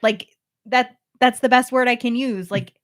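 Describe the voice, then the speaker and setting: A woman's voice: fairly high pitch, steady tone, measured pace. Delighted woman chatting on a podcast. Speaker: podcast co-host. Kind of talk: casual podcast chat.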